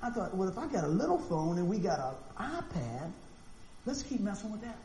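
High-voiced animated preacher man. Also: brisk. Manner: animated, folksy, repeats words, acts out quotes. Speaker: pastor. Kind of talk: sermon. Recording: echoey room with faint noise.

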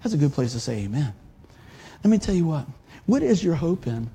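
Man, pastor, folksy conversational sermon, gravelly, dark mellow tone. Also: a little high, very animated, fairly quick.

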